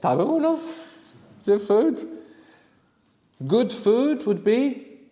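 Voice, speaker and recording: A man's voice: medium pitch, lively intonation, a little mellow. Man teaching a class in a reverberant room. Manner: explains slowly, prompts students to answer. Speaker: language teacher. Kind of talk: live language workshop. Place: room with students.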